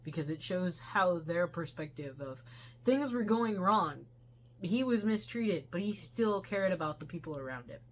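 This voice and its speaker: A woman's voice: on the low side, lively intonation, moderate pace, a little hiss or hum. Giggly chatty woman reviewing movies. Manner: giggly, chatty, laughs often. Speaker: co-host of a movie review show. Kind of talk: casual chat. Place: living room couch at home.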